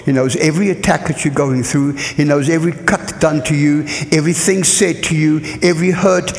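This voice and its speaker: A man preaching a lively sermon to a church congregation, leading call-and-response. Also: fairly high pitch, brisk. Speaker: guest preacher. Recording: echoey church hall.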